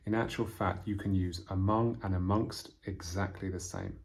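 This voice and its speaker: Man, very deep voice, English teacher, explaining vocabulary, chatty fillers. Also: moderate pace, gravelly, few pauses, darkish tone. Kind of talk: vocabulary lesson reading from a storybook.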